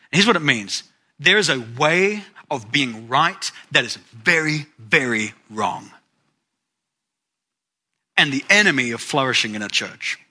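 A man's voice: fairly high pitch, sharp tone. A man preaching a sermon, telling a story with dramatic rises and sudden drops in his voice. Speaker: pastor.

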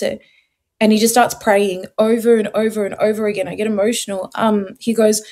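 A young woman from Australia, a guest sharing her faith story in an earnest, expressive way, with many fillers. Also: mid-range voice, normal speed. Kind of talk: testimony interview.

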